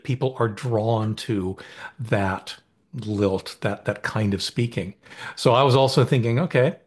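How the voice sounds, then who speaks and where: A man's voice: mid-range voice, slightly rough. An American man co-hosting a podcast, explaining ideas in casual chat in a thoughtful, enthusiastic way, seated at his usual recording spot. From United States.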